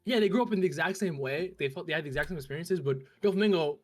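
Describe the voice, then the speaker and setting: Fast-talking man chatting casually. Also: a little high, soft background music. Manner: fast, loose, full of fillers. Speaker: podcast co-host. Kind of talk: casual fan discussion.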